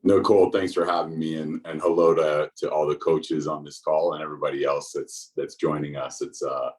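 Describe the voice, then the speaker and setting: Very deep-voiced man, distant on a call. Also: level tone, brisk, darkish tone. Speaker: guest speaker. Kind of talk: casual address to volunteers. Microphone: video call.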